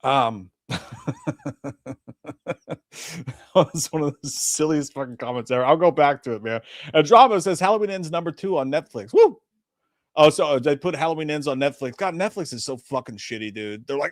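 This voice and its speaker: A man's voice: mid-range voice, animated, normal speed, dry recording, clean studio sound. A man co-hosting a livestream, reading viewer comments in crude casual chat, laughing and swearing. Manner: profane, laughing, slips into silly put-on voices. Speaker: co-host of a livestream.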